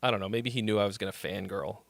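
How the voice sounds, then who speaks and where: A man hosting a casual song-critique livestream, talking in an animated, rambling way with plenty of swearing. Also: fairly low pitch, fast, gravelly, no room sound. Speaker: music critique livestream host.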